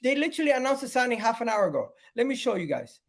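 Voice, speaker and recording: A man's voice: very high voice, big pitch swings, racing. Exasperated man ranting on a live stream. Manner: exasperated, repeats phrases over and over; swings between loud outbursts and muttering. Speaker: fan channel host. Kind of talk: live-stream football fan rant.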